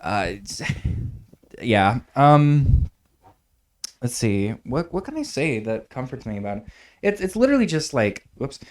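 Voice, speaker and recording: A man's voice: mid-range voice, sing-song, measured pace, darkish tone. A young man co-hosting a podcast, chatting casually and rambling with lots of fillers and swearing. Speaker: podcast co-host. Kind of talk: casual chat.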